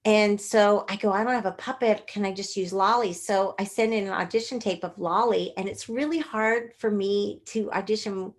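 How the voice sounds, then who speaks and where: A middle-aged woman from Northern California, a puppeteer telling stories in a lively interview and acting out the people she quotes. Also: medium pitch, normal speed, few pauses. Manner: bubbly and expressive, acts out voices in quoted dialogue. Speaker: guest puppeteer. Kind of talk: animated interview storytelling.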